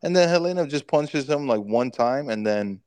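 A man co-hosting a podcast, retelling movie scenes in an animated, profane way and putting on quick voices for the characters. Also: mid-range voice, smooth, dry recording. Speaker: podcast co-host. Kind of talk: casual movie review chat.

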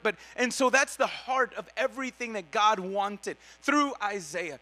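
A man's voice: high-pitched, lively intonation, moderate pace, few pauses, bright, forceful tone. A man preaching a casual Bible teaching in a slangy, conversational way, correcting himself as he goes.

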